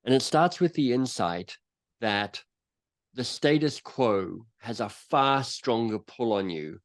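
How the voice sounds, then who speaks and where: A man's voice: mid-range voice, takes it slowly. A man speaking as a guest author and coach in a podcast interview, telling stories and acting out little quotes as he goes. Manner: animated storyteller who acts out quotes.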